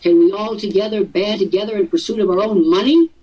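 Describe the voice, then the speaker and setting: A man in his seventies hosting a live webinar, teasing and firing off rhetorical questions, his voice swooping high for emphasis. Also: fast talker, breathy edge. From Illinois, USA. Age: 70s. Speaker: host. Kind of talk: webinar talk. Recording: dull lo-fi webinar audio.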